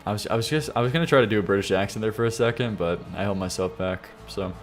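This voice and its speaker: A man's voice: lowish voice, quick pace, faint music behind. A young man streaming live, reviewing songs in casual chat, blunt and joking as he reads and argues with his chat. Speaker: streamer reviewing viewer song submissions.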